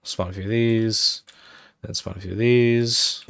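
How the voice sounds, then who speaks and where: Low gravelly guy streaming his dev work, dry close sound, mumbles commands while typing. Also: fairly even intonation, unhurried, no room sound. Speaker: streamer and game developer. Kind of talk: casual livestream commentary.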